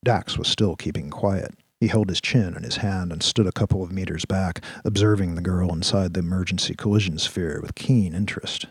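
A man narrating an audio drama in a steady storytelling manner. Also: low voice, fairly quick, few pauses, breathy edge, no room sound, studio quality.

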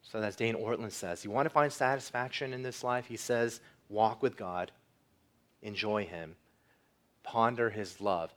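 Low-voiced male pastor preaching earnestly. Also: a little slow. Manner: earnest preaching, rising for emphasis, softening into prayer. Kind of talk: sermon.

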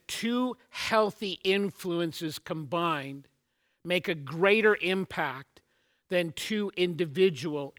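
A man's voice: high-pitched, fairly bright tone. A man pastor delivering a sermon, earnest and teaching, opening with a joke story before addressing his congregation. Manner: earnest, storytelling opener then teaching, occasional restarts.

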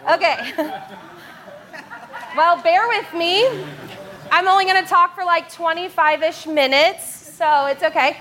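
Bright, high-voiced playful woman preacher. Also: a little slow, pauses often, slight background noise. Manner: playful, laughing, addresses crowd directly. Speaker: children's church teacher leading family service. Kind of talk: lively family sermon talk. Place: church stage.

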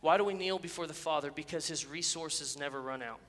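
A man's voice: on the high side, a little fast, a bit bright. A man, a pastor preaching an earnest, passionate sermon with emphatic builds. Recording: echoey church sanctuary.

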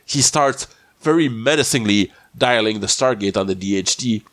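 A man's voice: fairly low pitch, a bit bright, no room sound. A podcast host with a slight cold, rambling and restarting as he recaps a TV episode in casual chat. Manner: rambling, halting, many restarts.

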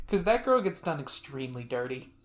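A woman in a casual chat about video games, animated and acting out character lines between laughs. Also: extremely low pitch, moderate pace.

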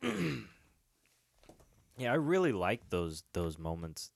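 A man's voice: fairly low pitch, sing-song, takes it slowly, creaky, no room sound. A man hosting a casual chat, reading out episode summaries and joking, with frequent swearing and laughter. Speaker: podcast host.

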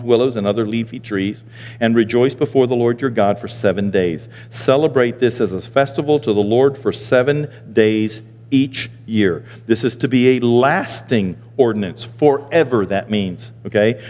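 A man in his sixties, a pastor, preaching a sermon and telling stories, now and then jumping into high squeaky voices for the people he quotes. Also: a little mellow, in a large hall. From Maine. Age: 60s. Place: church sanctuary.

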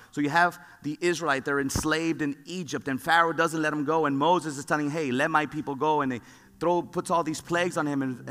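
A man's voice: mid-range voice, a bit bright. A man preaching a sermon, retelling scripture stories with rising fervor. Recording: long reverb with music behind.

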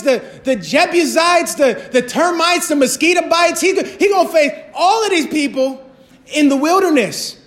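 High-voiced preaching man. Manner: passionate, repetitive, rising to shouts. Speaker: pastor. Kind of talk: sermon.

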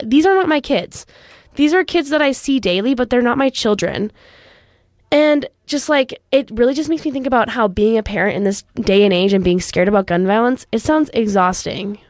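Here a late-teen radio host for a youth show speaks in a fairly high, slightly mellow voice, recorded with studio quality and no room sound. Her impassioned commentary comes across earnest and frustrated, heavy with "like."

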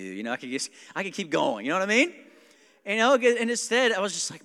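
A man's voice: high voice, lively intonation, quick pace, pushed and bright, in a large hall. A young man preaching a sermon in a church, talking casually and animatedly with frequent asides to the congregation. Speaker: pastor. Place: church sanctuary.

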